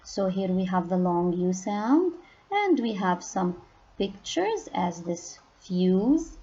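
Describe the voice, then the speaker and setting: A woman teaching a phonics lesson to young children, speaking patiently and stressing each target word loudly. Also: mid-range voice, very animated, slow, breathy edge, lo-fi sound. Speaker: kindergarten English teacher.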